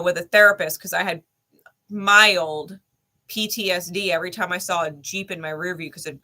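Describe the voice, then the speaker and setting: Woman, 30s, lowish pitch, bright edge; blunt, emphatic personal storyteller who swears freely. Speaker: spiritual channel host.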